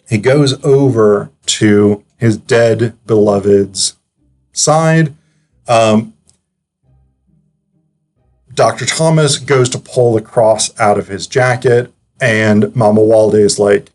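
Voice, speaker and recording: A man's voice: on the low side, slow pace, a little mellow, faint music behind. A man giving casual, analytical commentary as a film reviewer, chatty and digressive, with frequent hesitations.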